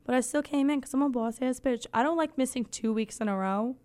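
Woman host losing her voice: soft, smooth and fairly high, rambling casual chat with deadpan swearing. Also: a little fast. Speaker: podcast host.

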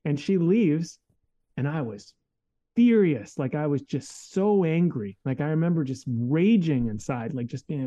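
Candid man with a very dark voice. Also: on the high side, normal speed, lo-fi sound. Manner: reflective, candid, full of fillers and restarts. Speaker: guest telling a personal story. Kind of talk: casual conversational storytelling.

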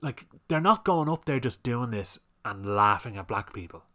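A man at a middling pitch hosts his own podcast in full complaining mode. He rants with heat and swears freely, his voice pushing up sharply when he gets worked up. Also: expressive, normal speed, sharp tone. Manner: heated, profane, ranting. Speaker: podcast host. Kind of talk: ranting solo podcast.

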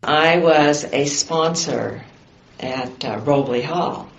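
An older woman recalls a memory at an unhurried, leisurely pace, halting now and then with fillers. The recording is roomy and a little dull and lo-fi, as in an oral history interview. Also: low-pitched, vocal fry.

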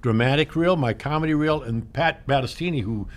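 A man's voice: mid-range voice, fairly quick, a little hiss or hum. An older man chats as a radio guest, spinning stories in a loose, easy way. He trips over repeated words and laughs at his own lines. The sound is a studio talk-show recording. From Greek heritage. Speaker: guest actor.

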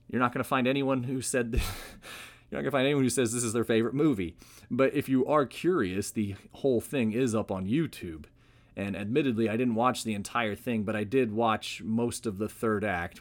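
Man, podcast host, casual narration, wry asides, middle pitch.

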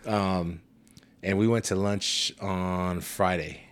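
A man's voice: low voice, steady tone, slow, clean tone. A young man on a podcast, casually telling a long profane story with laughing fits. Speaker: podcast host. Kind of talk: casual chat.

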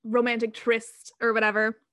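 A young woman co-hosting a podcast in casual chat, animated and laughing, acting out her own reactions. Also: a little high, moderate pace, dry recording. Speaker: podcast co-host.

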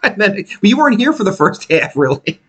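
Talk host, man, husky, high-ish and very lively, crude storyteller. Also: brisk. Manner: animated storyteller, mimics people loudly. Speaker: podcast host. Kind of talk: casual crude banter.

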